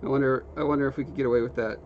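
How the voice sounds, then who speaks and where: A relaxed young man chats on a workshop stream. He rambles easily and reads out viewer comments as he goes. The audio sounds a little dull, with a faint hum of noise behind him. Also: mid-range voice, rapid-fire. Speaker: livestreamer. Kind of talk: casual chat while working, reading chat. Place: home workshop.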